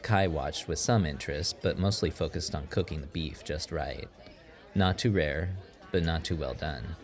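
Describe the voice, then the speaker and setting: A man reading a scripted story as narrator, in a steady, measured way. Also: very deep voice, a faint crowd. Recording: audible background noise.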